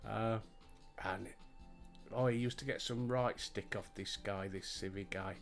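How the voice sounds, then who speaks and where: Gravelly older Yorkshireman telling yarns. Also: fairly low pitch, fairly even intonation, unhurried, faint music behind. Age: 60s. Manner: chatty, laughs often, rambling anecdotes. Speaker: gaming video host. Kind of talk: casual chat and storytelling while playing.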